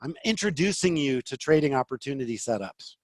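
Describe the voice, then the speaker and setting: A man's voice: mid-range voice, expressive, a little fast, darkish tone, dry recording. A man leading an online trading class, answering questions bluntly and with growing impatience. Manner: blunt, impatient, rising to frustrated. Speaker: trading instructor. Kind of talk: live online teaching session.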